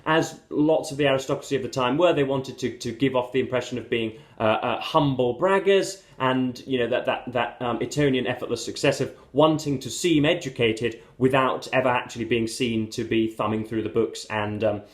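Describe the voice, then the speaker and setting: A man gives a casual spoken book review, circling his points with many ums and restarts. His wording is learned and a little wry. His voice sits at a middling pitch, and the recording has a noticeable roomy echo. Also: moderate pace, few pauses. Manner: hesitant and rambling with many fillers, erudite wording, wry asides to "folks". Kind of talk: casual book commentary to camera.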